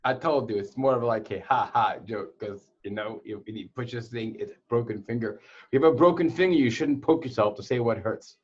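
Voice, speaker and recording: Male teacher, mid-pitched, playful jokester and storyteller, muffled lo-fi online audio. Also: brisk, husky. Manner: playful joke-telling storyteller. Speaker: Torah teacher to boys. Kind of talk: casual online class with jokes. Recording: dull lo-fi sound.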